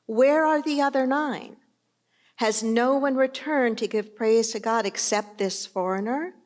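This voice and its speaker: A woman's voice: a little high, a little slow, darkish tone, natural voice. A woman voicing Jesus in a scripture passage, in an earnest reading voice. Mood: questioning. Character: Jesus, questioning teacher, solemn.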